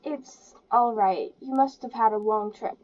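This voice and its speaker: A woman's voice: a little high, measured pace, close to an everyday voice. A woman voicing a shy, nervous young male café worker who speaks politely and apologetically. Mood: kind. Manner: polite, apologetic, eager to help. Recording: dull lo-fi sound.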